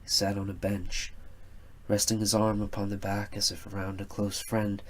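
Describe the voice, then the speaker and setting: A man narrating a first-person story in a measured, reflective way. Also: on the low side, monotone.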